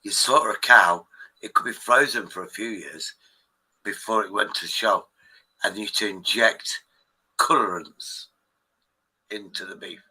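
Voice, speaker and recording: A man's voice: on the low side, unhurried, long pauses, sharp tone, husky, low-quality recording. A man hosting a live stream, rambling in casual chat with his viewers, swearing freely and restarting his sentences often.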